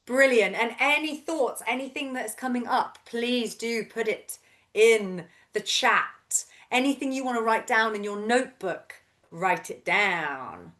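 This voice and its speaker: A woman in her thirties, a vocal coach gently and encouragingly guiding a voice and breath workshop over a video call. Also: fairly high pitch, a little slow. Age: 30s.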